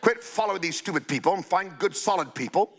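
An older man preaching a sermon in a blunt, scolding way, stretching out key phrases and breaking into shouts. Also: high-pitched, expressive, fast.

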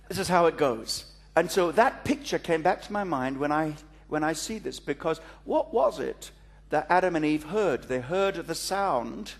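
Man preaching with a high, storytelling voice. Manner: storytelling, playful asides to the congregation. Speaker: pastor. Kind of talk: sermon. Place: church before a congregation.

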